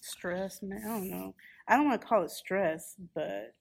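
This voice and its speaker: A woman's voice: medium pitch, a little slow, vocal fry, a little hiss or hum. A woman in her twenties chatting casually, telling a story and acting out what people said. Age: 20s. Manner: chatty storyteller, acts out quotes. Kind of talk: casual chat.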